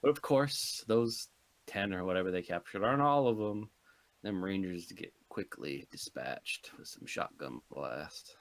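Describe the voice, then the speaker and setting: Deep voiced dude recapping a movie, dry and plain, short sentences. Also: male voice, lively intonation, unhurried, creaky. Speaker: podcast co-host. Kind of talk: casual plot recap.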